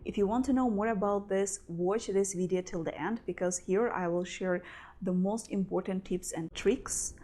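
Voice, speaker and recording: A woman who is not a native English speaker gives an English lesson, talking slowly and carefully and repeating each example phrase several times. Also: medium pitch, warm tone. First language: non-native English speaker. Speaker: English teacher. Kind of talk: explanatory language lesson.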